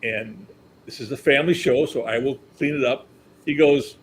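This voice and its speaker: Older man telling animated industry anecdotes. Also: medium pitch, moderate pace, slight background noise, rough recording. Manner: animated storyteller, acts out quotes, chuckles. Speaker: company historian, guest. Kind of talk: anecdotal storytelling.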